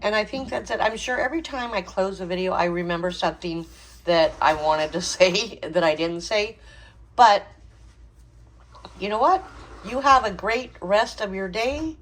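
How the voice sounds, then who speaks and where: A woman's voice: medium pitch, moderate pace. A woman hosting a home cooking channel, talking casually with frequent ums and small laughs. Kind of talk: casual cooking vlog chat.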